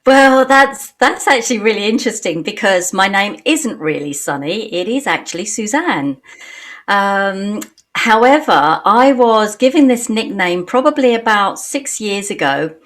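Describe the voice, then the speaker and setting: A woman's voice: mid-range voice, animated, unhurried, fairly bright tone. A middle-aged woman from Britain with an English accent carrying a slight Australian twang, a guest chatting in an interview over a video call. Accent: British English with a slight Australian twang. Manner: chatty, laughs often. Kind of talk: casual interview chat.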